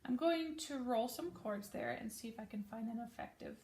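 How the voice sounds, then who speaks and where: This piano teacher speaks at normal speed in a darkish, high-leaning voice, giving a relaxed lesson where she explains chords plainly and now and then corrects herself. Her manner is casual and friendly, and piano playing fills the gaps between her talk.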